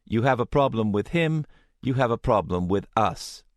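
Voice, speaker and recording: A man's voice: lowish voice, animated, moderate pace, dry recording, clean studio sound, voice pushed up, natural voice. A male narrator voicing a bold, combative young woman who talks bluntly and defiantly.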